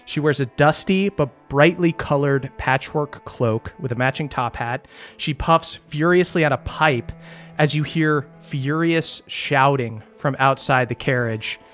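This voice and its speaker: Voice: mid-range voice, measured pace, a bit bright, soft background music. A game master narrating a tabletop game in a casual manner, laughing and swearing freely.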